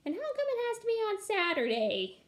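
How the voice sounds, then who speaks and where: A woman's voice: extremely high pitch, huge pitch swings, brisk, pitched above the performer's own voice, heavily acted. A woman voicing a spunky, bossy little girl in a storybook, eager and full of questions.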